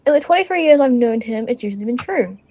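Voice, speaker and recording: A woman's voice: on the high side, animated, fast talker, mellow, muffled recording, pitched above the performer's own voice. A young English woman reading the lines of an earnest young male rookie lawyer in a plain voice. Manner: plain reading-aloud delivery. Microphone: phone.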